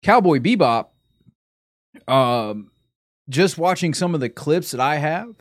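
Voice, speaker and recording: A man's voice: a little high, lively intonation, slow pace, no echo, studio quality. A man streaming a casual chat, rambling and often sidetracked, interrupting himself as he talks.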